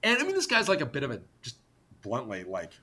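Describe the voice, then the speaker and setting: A middle-aged man, a podcast guest, telling an animated story in an emphatic, exasperated way, blunt and sometimes profane, talking in rapid bursts full of restarts. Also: mid-range voice, breathy edge. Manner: talks in rapid bursts with many restarts and fillers. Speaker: podcast guest, tech company co-founder.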